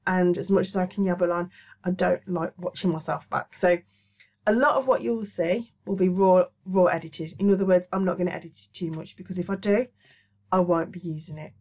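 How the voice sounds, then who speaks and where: A woman's voice: fairly low pitch, steady tone, brisk, darkish tone, muffled recording. A woman with a Black Country accent chats casually to camera about her crafts, rambling with many ums. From Black Country, England. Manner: rambling, chatty, lots of ums. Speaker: crochet and craft channel host. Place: small home studio office.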